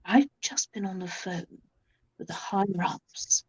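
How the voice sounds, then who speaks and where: A woman doing a hushed, patronizing British insider. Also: medium pitch, unhurried, breathy edge, no echo, low-quality recording. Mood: conspiratorial. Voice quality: hushed, whispery. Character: smooth, patronizing male self-styled insider.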